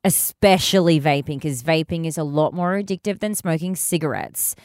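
A woman's voice: low-pitched, normal speed, a little mellow, dry recording. A woman co-hosting a podcast in a studio, chatting frankly and swearing casually. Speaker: podcast co-host. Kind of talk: casual chat.

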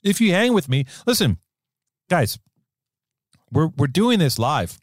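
A man's voice: fairly high pitch, unhurried, no echo, clean studio sound. A man co-hosting a podcast in casual, rambling, profane banter. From California. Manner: rambling, profane, animated riffing. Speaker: podcast co-host.

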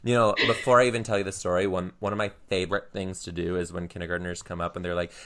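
A man, a teacher and comedian, telling funny classroom stories as a guest in an animated, laughing way. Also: deep voice, fast talker. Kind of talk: comic storytelling interview.

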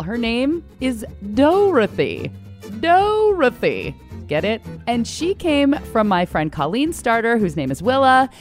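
A woman hosting a podcast with an animated, sing-song voice that rises and falls often. She moves between relaxed chat and polished, scripted narration. Her delivery is playful. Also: medium pitch. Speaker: podcast host and former radio reporter.

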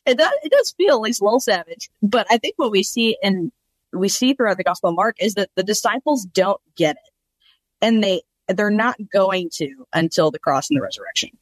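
Bible podcast cohost, jokey and excited about context, mid pitch, dry close sound. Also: brisk, dry recording, rough recording. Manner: enthusiastic, jokey explainer of scripture context. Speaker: podcast co-host. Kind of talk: casual Bible-study podcast chat.

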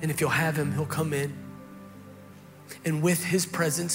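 A man's voice: on the high side, fairly even intonation, slow, long pauses, big-room sound, music in the background. A man pastor preaching a sermon, telling a story with humor and building to earnest appeals.

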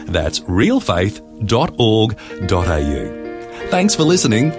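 Male announcer, lively polished outro, music bed. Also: mid-range voice. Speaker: radio announcer. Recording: studio read over music.

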